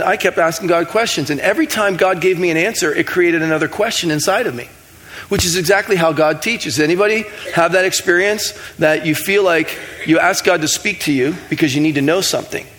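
A man delivers a sermon in a loose, conversational style, telling stories and poking fun at himself. His voice sits noticeably high for a man, and he slips into acting out little exchanges of dialogue as he goes. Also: fairly bright tone. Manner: conversational, self-mocking, acts out dialogue. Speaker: preacher. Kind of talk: sermon with storytelling.

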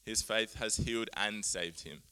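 A man preaching a sermon, earnest and animated, often laughing at himself as he explains Bible words. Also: on the low side, normal speed, clean tone.

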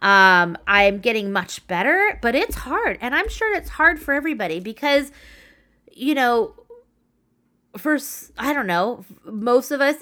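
A woman hosting her own podcast, talking straight to her listeners in a chatty, animated way. Her voice is bright and sits a little high, and she laughs easily as she goes. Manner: chatty, animated, laughs while telling a story. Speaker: podcast host. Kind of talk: casual storytelling monologue.

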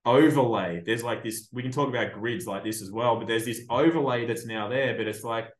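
A man's voice: mid-range voice, fairly quick. Blunt, profane man in a roomy space. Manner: blunt, profane, animated storytelling. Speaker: podcast host. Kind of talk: casual chat.

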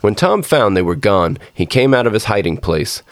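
A man narrating a storybook as a podcast storyteller, in a measured, expressive reading. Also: on the low side, dry recording, studio quality.

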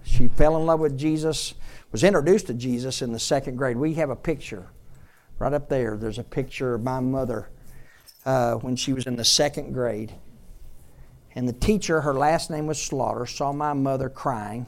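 A man preaching a sermon as pastor, repeating lines for emphasis and swinging from loud shouted peaks to soft storytelling. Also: medium pitch, moderate pace.

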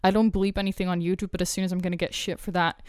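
A woman's voice: on the low side, flat delivery, very fast, a little mellow, clear, resonant tone, no room sound, studio quality. Blunt swearing woman podcast host. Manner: blunt, swears freely, laughs often. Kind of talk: casual podcast chat. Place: studio.

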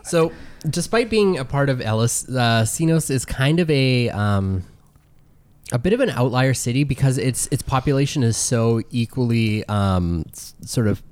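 A man acting as game master, describing the world at an unhurried pace with frequent pauses and ums. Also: mid-range voice, lively intonation, darkish tone. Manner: explains slowly with many ums. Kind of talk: narrating a tabletop game.

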